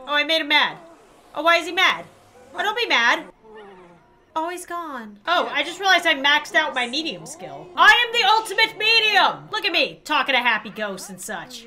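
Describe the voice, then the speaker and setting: Excitable high-voiced woman gaming. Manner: excitable, playful, quick reactions. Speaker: gaming YouTuber. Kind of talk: let's play commentary.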